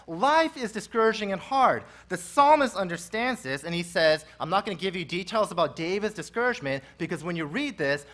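A man's voice: a little high, fairly bright tone, slight background noise. A male pastor preaching a sermon in an earnest way, his emphasis rising and falling.

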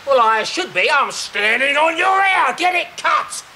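An actor playing a bossy, barking drill-sergeant type who shouts orders in a sitcom. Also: male voice, very high-pitched, sing-song, measured pace, a little hiss or hum, heavily acted. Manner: barked orders.

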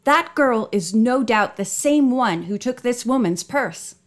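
A woman's voice: on the high side, lively intonation, unhurried. A woman reading an audiobook voices a composed teenage girl detective who speaks in a level, reasonable way. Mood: calm.

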